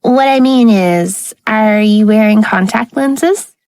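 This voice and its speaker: A woman voicing a cheery, curious young wife with a bright, eager manner in a romance audiobook. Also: medium pitch, slow pace, no echo, voice pushed up, close to an everyday voice.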